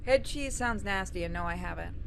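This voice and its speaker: A woman's voice: lowish voice, animated, brisk, creaky, background noise. A woman streaming a game, chatting casually and rambling in a self-deprecating way, with lots of fillers. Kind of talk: casual live-stream chat and gameplay commentary.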